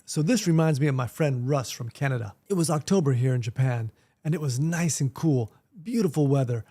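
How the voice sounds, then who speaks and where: A man in his sixties, hosting a vlog and telling stories in a punchy, animated way that turns loud and emphatic. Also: fairly high pitch. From Miami, Florida, US. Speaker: vlog host and martial arts teacher. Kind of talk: casual storytelling vlog.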